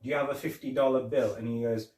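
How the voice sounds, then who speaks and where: A man's voice: medium pitch, steady tone, fast, darkish tone. A man co-hosting a podcast, chatting casually about a film and retelling scenes, rambling with many fillers. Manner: rambling, retells scenes with quoted lines and laughs. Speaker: podcast co-host. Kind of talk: casual film review chat. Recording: echoey room, distant mic.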